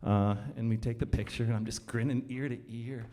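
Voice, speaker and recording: A man's voice: mid-range voice, brisk, slight background noise. A man telling a comic true story live on stage before an audience, acting out the dialogue. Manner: animated, comic, acts out dialogue. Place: cultural center stage, in front of an audience.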